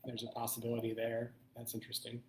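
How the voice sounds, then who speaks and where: A man hosting a live online blind wine tasting, thinking aloud in an unhurried way and pausing often to weigh his options. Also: mid-range voice, monotone, roomy sound, slight background noise. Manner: thoughtful, thinking aloud with pauses.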